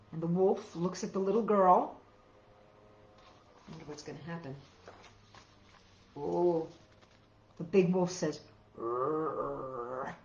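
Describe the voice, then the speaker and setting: Reading to children at storytime, a woman of medium pitch narrates a wordless picture book, musing aloud and gasping softly. The room is echoey and the recording sounds muffled.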